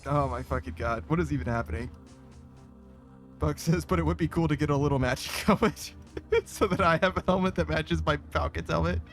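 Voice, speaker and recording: A man's voice: on the high side, brisk, faint music behind. A man streaming a game, chatting casually and reading out chat, laughing often, swearing freely and rambling with lots of fillers.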